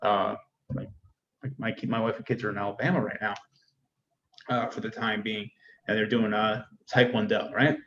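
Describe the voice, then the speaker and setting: Talking casually as a guest, a middle-aged Army first sergeant opens up about his family, wandering through his thoughts and frequently starting over. His voice is on the low side yet a bit bright, steady in tone, at normal speed with long pauses. The recording sounds dull and lo-fi, with a faint noise.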